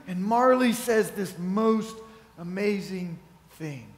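A man's voice: high voice, unhurried, a bit bright. A man preaching a sermon as pastor, retelling a story and acting out its quotes. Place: church sanctuary. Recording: echoey church hall.

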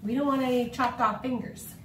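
A woman's voice: high voice, fairly even intonation, a little fast, a bit bright, far from the mic, slight background noise. A woman talking to children in a bubbly, sing-song way, telling a short story and explaining a craft. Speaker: children's library host. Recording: echoey room, speaker off-mic.

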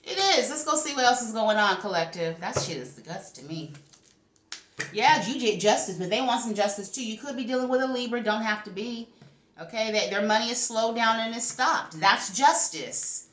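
Brash, bright-voiced woman tarot reader. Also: on the high side, lively intonation, moderate pace, reverberant. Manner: brash, profane, talks back to her spirits. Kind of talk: casual tarot reading to camera.

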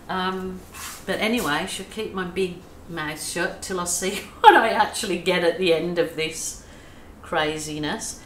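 A woman's lowish, slightly bright voice moves a little slowly with hardly any pauses as she, an Australian acrylic pouring artist, chats through a painting tutorial. She coaches soothingly while making fun of herself. Slight background noise sits in an echoey room with faint ambience.

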